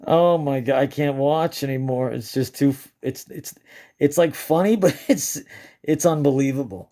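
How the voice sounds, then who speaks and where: A man's voice: mid-range voice, normal speed, mellow. A man casually narrating his own footage in a rambling way with restarts, often breaking into giggles. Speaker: amateur moon filmer. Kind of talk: casual excited commentary.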